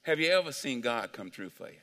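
A male pastor preaching a sermon with animated call-and-response to the congregation. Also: mid-range voice, a little fast, long reverb tail. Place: church sanctuary.

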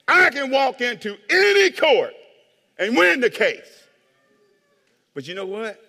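Pastor guy preaching, high voice that jumps all over, big echoey hall. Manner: animated preaching, acts out voices, swings from hushed to shouting. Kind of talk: sermon. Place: church hall with long reverb. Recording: reverberant hall.

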